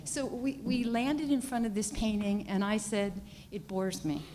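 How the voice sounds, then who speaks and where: A woman painter on a panel, telling a story in a halting, earnest way with many restarts and repeated words. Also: mid-range voice, mellow, slight background noise. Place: lecture hall at a panel event. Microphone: handheld or podium mic, often off it.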